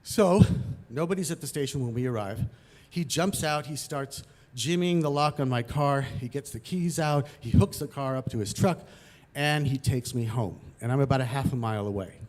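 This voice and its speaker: A man from Los Angeles telling a personal story on stage, vivid and animated, acting out the scenes. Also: medium pitch, normal speed.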